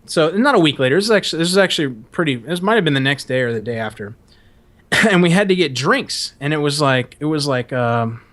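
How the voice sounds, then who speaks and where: Bright-voiced swearing podcast host. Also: male voice, a little high, animated, quick pace. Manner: profane, laughs often, rambling. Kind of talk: casual storytelling.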